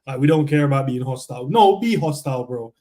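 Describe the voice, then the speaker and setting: A man chatting casually about football, relaxed and slangy, often trailing off mid-thought. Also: mid-range voice, quick pace. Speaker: football podcast co-host.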